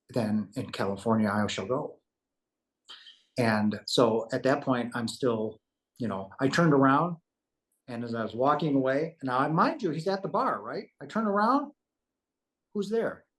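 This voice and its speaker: A man's voice: mid-range voice, measured pace. A man being interviewed, telling a personal story casually and earnestly, and acting out the conversations he remembers. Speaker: interview guest recounting a near-death experience.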